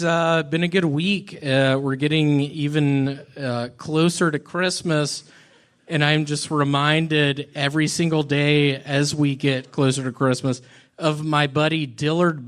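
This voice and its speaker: A man in his thirties doing a halting, deadpan stand-up set with odd pauses on a comedy club stage. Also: on the high side. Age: 30s.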